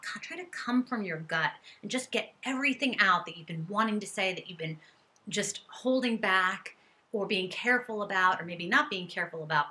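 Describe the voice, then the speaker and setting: A middle-aged woman therapist speaks directly to the camera, giving earnest coaching advice to her viewers and sometimes voicing angry statements as examples. Her voice is medium-pitched, pushed and bright.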